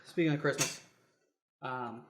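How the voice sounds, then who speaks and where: A man's voice: mid-range voice, measured pace, slight background noise. A man guesting on a casual podcast, making dry, offhand remarks among friends.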